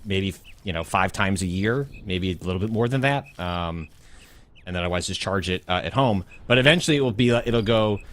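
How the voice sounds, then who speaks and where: A man's voice: sits low, a little fast, a bit bright, no echo. A man, a podcast co-host, talking in a rambling casual way with many fillers and restarts. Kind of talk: casual chat.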